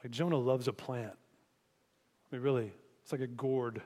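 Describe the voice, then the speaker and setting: Man, pastor, sermon, conversational, reflective questions to listeners, mid pitch, long hall reverb. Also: fairly even intonation, moderate pace, dark tone.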